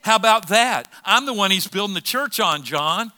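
A man's voice: high voice, animated, moderate pace, pushed and bright, voice pushed up, full character voice. A man playing a boastful male disciple who brags to a fellow disciple. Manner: smug bragging.

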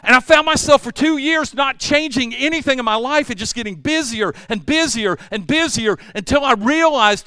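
A male pastor preaching a sermon, telling stories with humor and swinging from loud bursts to hushed passages. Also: extremely high pitch, moderate pace, hardly any pauses, clean tone, no echo. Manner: energetic storytelling, jumps between loud and hushed; playful asides and self-deprecating humor.

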